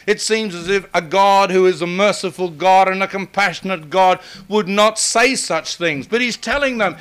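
An older man preaching a sermon, emphatic and building to forceful repetition. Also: high-pitched, moderate pace, hardly any pauses, smooth.

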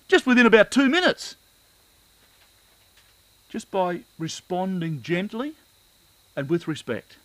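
A middle-aged preacher delivers a sermon in an earnest storytelling manner. His voice sits a little high for a man, and it is recorded close and dry with no room sound. He drives points home by repeating phrases. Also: fairly bright tone, dry recording, rough recording.

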